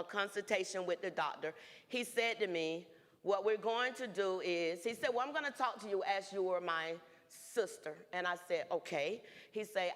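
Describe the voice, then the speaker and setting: A woman shares a personal testimony, earnest and plainspoken. She acts out the conversations as she tells them, at a middling pitch. Her voice carries a long reverb from a large hall. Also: a bit bright. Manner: earnest storytelling, acting out dialogue. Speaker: guest speaker.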